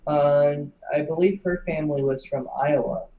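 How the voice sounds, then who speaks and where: A man talks hesitantly over a video call, stopping and restarting as he goes. His voice is somewhat high for a man. The sound is echoey, with a faint background hum. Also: fairly even intonation, narrow, tinny audio. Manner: hesitant, halting, quiet. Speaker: participant. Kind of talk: casual chat on a video call.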